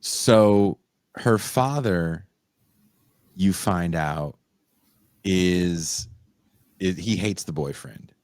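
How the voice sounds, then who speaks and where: A man hosting a podcast, recapping a movie as an excitable storyteller who laughs often and bursts into high exclamations. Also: drawn-out words, pauses often, no room sound, clean studio sound. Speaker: podcast host.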